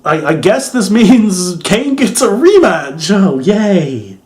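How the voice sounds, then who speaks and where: A man's voice: high voice, very animated, slow pace, a little mellow. A young man giving a casual, rambling wrestling review, amused and swearing, with lots of ums.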